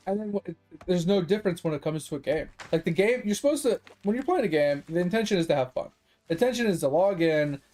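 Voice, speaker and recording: A man with a high voice and a dark, mellow tone rants while he streams a game. He swears and vents, then laughs it off. Faint music plays underneath. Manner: frustrated ranting, swearing, laughing it off. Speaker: gaming streamer. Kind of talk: live-stream venting while playing.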